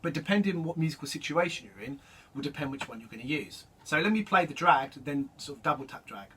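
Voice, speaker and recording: A man's voice: on the high side, fast talker. Man teaching drum rudiments. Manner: relaxed, explanatory, counts sticking aloud. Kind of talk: instructional demonstration. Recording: distant mic with loud drum noise.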